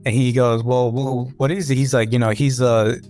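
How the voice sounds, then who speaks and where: A man's voice: medium pitch, flat delivery, normal speed, a little mellow. Man, podcast guest, rambling storyteller, faint music underneath. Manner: rambling storyteller with many fillers and restarts. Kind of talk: casual podcast chat.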